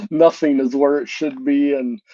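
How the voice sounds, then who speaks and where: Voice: medium pitch, mellow, dry recording. A speaker in casual chat who jokes about being disorganized and laughs at herself. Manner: self-deprecating, laughs at herself. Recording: dull lo-fi sound.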